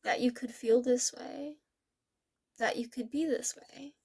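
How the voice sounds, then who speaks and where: A young woman giving a tarot reading in a gentle, rambling, casual way, with many restarts. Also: high-pitched, steady tone, unhurried, gravelly, husky. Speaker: tarot reader.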